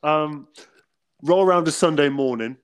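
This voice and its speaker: A man's voice: a little high, moderate pace, smooth. A young man, co-hosting a podcast and telling rambling stories in casual chat, with frequent laughs and fillers. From England. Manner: rambling storyteller, laughs often, many fillers. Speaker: podcast co-host.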